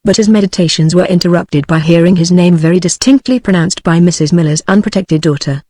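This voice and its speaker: A synthetic text-to-speech woman's voice with a British English accent, reading a novel aloud in an even, machine-like way. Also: on the low side, brisk, no room sound. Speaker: audiobook narrator. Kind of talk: text-to-speech audiobook narration.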